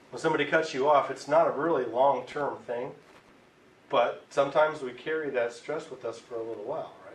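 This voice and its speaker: With a mid-range voice, a man teaching a tobacco cessation class keeps things conversational and often asks "right?". The lecture is recorded in an echoey room from a distant mic, with faint hiss.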